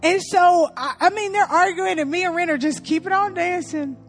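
A woman from Louisiana telling a funny story to an audience, animated, laughing often and calling her listeners y'all. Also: very high-pitched, normal speed, soft background music.

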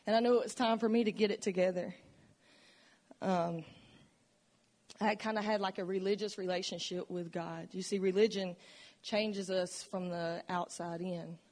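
A woman's voice: mid-range voice, steady tone, moderate pace, long pauses, a little mellow. A woman giving a personal testimony in a church, speaking earnestly and reflectively about her faith and struggles. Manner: earnest, emotional, reflective storytelling. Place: church sanctuary.

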